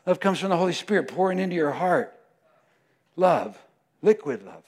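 A man preaching a sermon, emphatic, moving between loud declarations and hushed prayer. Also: sits high, sing-song, a little fast.

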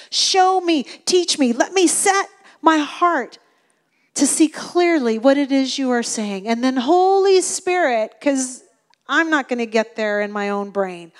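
A middle-aged woman delivers a sermon with a high voice and an unhurried pace. She preaches in an earnest, emphatic way and leans on repeated phrases for stress.

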